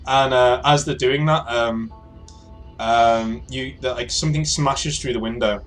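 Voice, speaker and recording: A man's voice: medium pitch, steady tone, measured pace, faint music behind. A man acting as game master, narrating a tabletop role-play game in a hesitant way with many fillers and restarts.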